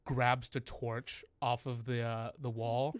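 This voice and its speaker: A man narrating as game master of a tabletop game, halting and restarting often. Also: mid-range voice, level tone, no room sound.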